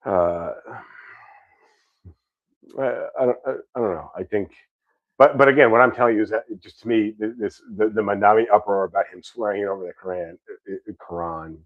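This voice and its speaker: A man's voice: low-pitched, no echo, muffled recording. A man in his thirties with a New York accent, hosting a casual chat, rambling with repeated words and casual swearing. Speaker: podcast host.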